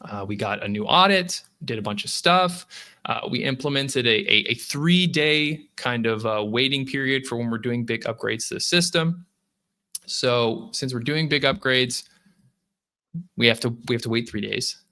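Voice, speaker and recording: With a mid-range voice at normal speed, a lending-app guest on a casual crypto show speaks with lively energy. He imitates users' voices as he talks.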